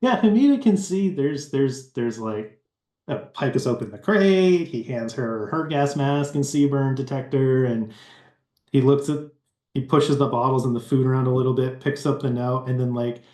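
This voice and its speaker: A man playing a tabletop game, describing his character's actions in a rambling, halting way. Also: medium pitch, warm tone, roomy sound. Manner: rambling, halting with fillers and laughs. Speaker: player.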